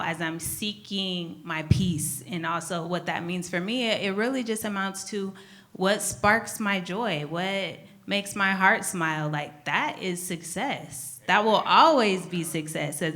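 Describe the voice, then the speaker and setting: A soft-spoken woman speaking reflectively as a panelist at a live event. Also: mid-range voice.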